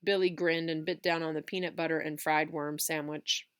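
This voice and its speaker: A woman reading a children's chapter book aloud, with expressive storytelling. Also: low voice, normal speed, clean tone.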